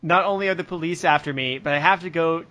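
A man's voice: a little high, fast, a crowd in the background. A man co-hosting a comedy podcast, talking in a playful, jokey way. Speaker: podcast co-host. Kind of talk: casual comedic chat.

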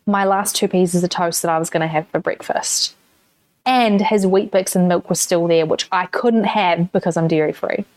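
A woman's voice: on the low side, steady tone, normal speed, a little mellow, dry recording. Candid New Zealand woman, dry close sound. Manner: candid storytelling with frequent swearing. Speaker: podcast host. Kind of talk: casual solo podcast monologue.

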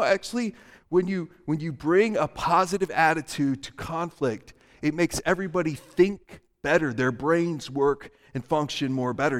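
A man preaching a sermon, lively and conversational, acting out short voices to make his point. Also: fairly high pitch. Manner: animated, acts out voices and smiles for the audience. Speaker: pastor. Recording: hall reverb.

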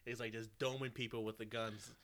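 A man in casual chat, animated and laughing, acting out silly movie scenes. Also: medium pitch, fairly quick, a crowd in the background.

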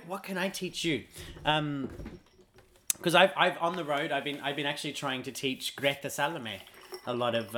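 A man's voice: on the high side, sharp tone, slight background noise. A man from Australia with an Australian accent, co-hosting a podcast in an easygoing, joking chat. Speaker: podcast co-host. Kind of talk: casual chat.

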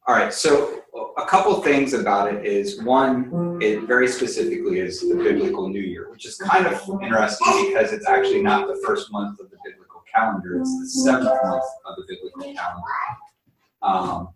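A man with a lowish voice leads a Bible study class, chatting loosely and stopping often for an um or a restart. He is picked up from across a very echoey room, with faint noise behind. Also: expressive, fairly quick, recorded from a distance, faint music behind. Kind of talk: casual class teaching. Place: room with a group, also streamed online.

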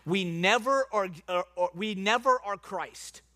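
A middle-aged man with a New Orleans accent preaching a sermon. He starts low and quiet, then builds to loud preaching. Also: unhurried. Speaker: pastor.

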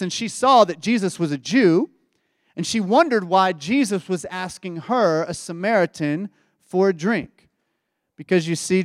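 Man preaching, smooth voice. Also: sits high, dry recording, clean studio sound. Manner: retells scripture in casual everyday speech. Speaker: pastor. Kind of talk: sermon storytelling. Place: church.

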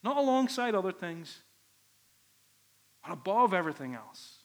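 A man's voice: high voice, sing-song, moderate pace. A man preaching a sermon, earnest and emphatic, leaning on repeated phrases. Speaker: pastor.

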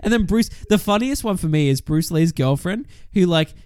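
A man, chatting casually about a film as a podcast co-host, animated and swearing, acting out quotes. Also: high voice, moderate pace, clean tone, no room sound, studio quality. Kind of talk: casual film review chat.

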